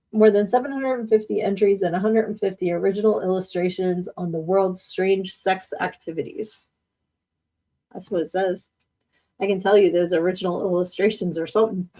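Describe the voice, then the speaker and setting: A woman's voice: mid-range voice, darkish tone. Chatty woman hosting a podcast. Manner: chatty and joking, laughs often. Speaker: podcast host. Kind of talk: casual live-stream chat.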